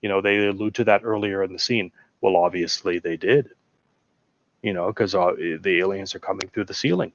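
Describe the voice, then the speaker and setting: Animated man on a dull lo-fi mic. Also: deep voice, fairly quick. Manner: animated, acts out film dialogue. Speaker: guest. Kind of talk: casual chat about films.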